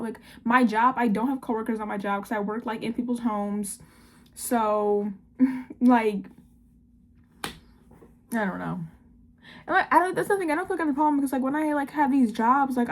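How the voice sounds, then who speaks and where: A nineteen-year-old woman in a casual confessional vlog, talking fast and rambling with lots of "like" and "I don't know.". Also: fairly high pitch. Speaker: vlogger.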